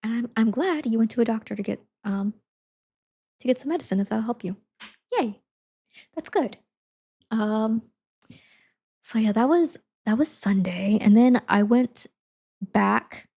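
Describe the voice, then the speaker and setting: A woman's voice: fairly high pitch, measured pace, vocal fry, pauses often, darkish tone, husky. A young woman chatting casually with her stream viewers, giggling and rambling with lots of fillers. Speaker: live streamer.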